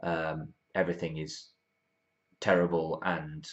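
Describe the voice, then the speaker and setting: A man's voice: sits low, measured pace, muffled recording. A man giving a casual Bible talk, informal, with many ums and restarts as he acts out quotes. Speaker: youth Bible talk presenter.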